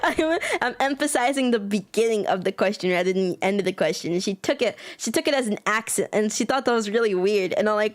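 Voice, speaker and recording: A woman's voice: mid-range voice, quick pace, dry recording, faint music behind. A woman with an American accent chatting casually with her live chat as a streamer, giggling often and saying "like" a lot. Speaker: VTuber streamer.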